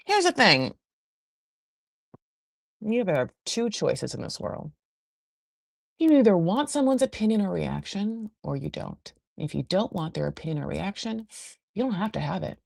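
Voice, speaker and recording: A woman hosting a casual podcast recap, chatty and gossipy, packing her talk with asides. Her voice sits fairly low but swings widely in pitch. The sound is close and dry. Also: sing-song, moderate pace, vocal fry, pauses often, dry recording. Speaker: podcast host.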